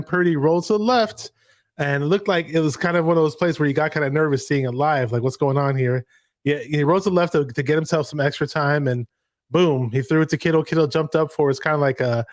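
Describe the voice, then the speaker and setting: A man hosting a live sports reaction show, recapping a game in an excited, rambling way. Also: on the high side, dry recording, studio quality. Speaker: podcast host.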